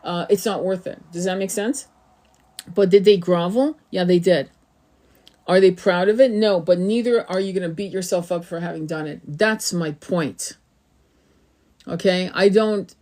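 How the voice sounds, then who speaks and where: A woman's voice: on the low side, a little slow, darkish tone. Blunt, swearing spiritual coach woman. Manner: blunt, swears freely, repeats "okay?" to check in. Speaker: tarot reader and spiritual coach. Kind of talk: casual spiritual advice talk.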